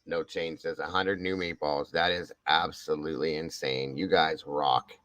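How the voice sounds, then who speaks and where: A man's voice: rumbling low, fairly even intonation, moderate pace, a bit bright, no room sound, poor audio. Effusive older man hosting a live stream. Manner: effusive, thanking viewers by name. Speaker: livestream host. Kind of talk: casual live-stream chat.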